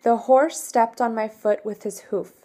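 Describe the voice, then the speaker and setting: A woman leads a pronunciation lesson, speaking slowly and carefully so that every vowel stays clear. Her voice is mellow and soft-edged, and she repeats each word before using it in a model sentence. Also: fairly high pitch, fairly even intonation. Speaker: English pronunciation teacher.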